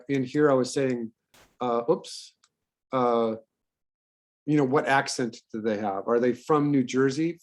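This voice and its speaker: A man teaching a class, talking through a worksheet in a loose, rambling way with many fillers and repeated words. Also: mid-range voice. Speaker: voice acting teacher. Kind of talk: classroom lecture.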